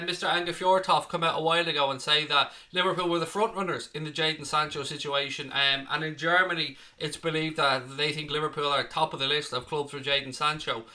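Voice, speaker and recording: A man's voice: a little high, pushed and bright. A young Irish man hosting a casual live stream, chatty, blunt and outspoken. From Ireland. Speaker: host.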